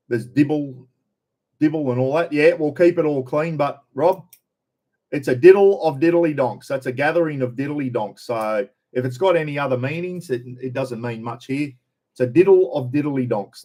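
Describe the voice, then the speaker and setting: A man's voice: fairly high pitch, darkish tone. A middle-aged Australian man from Queensland hosting a livestream, chatting casually and answering viewer comments in a rambling, jokey, blokey way. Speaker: livestream host.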